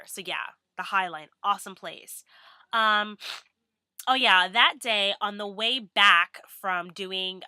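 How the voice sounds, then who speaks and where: A woman's voice: mid-range voice, bright, forceful tone, no room sound, clean studio sound. A young woman vlogging in a bubbly, rambling way with many fillers. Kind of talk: casual chatty vlog.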